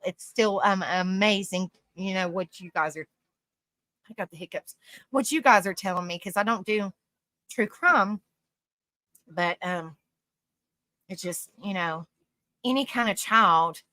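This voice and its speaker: A woman with a medium-pitched, sharp voice hosts a casual livestream, reading viewers' comments aloud. She laughs often, rambles through restarts, and calls people honey and sweetie, and there's no room sound.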